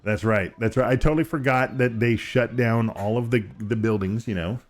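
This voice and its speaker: A man's voice: medium pitch, normal speed. A man streaming a game and chatting casually, joking and swapping into silly voices. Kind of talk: casual gaming stream chat.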